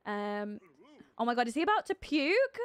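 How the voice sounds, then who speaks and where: A woman streaming a life-sim game live, chatting casually and thinking aloud, with sudden excited outbursts. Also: on the high side, normal speed, clear, resonant tone, no echo. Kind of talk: live gameplay commentary.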